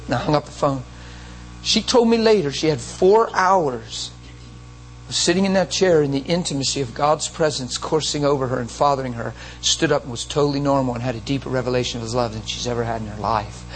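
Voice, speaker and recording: A man's voice: medium pitch, fast, a little hiss or hum, poor audio. A man preaching a sermon in an emotional, emphatic storytelling manner. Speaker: pastor.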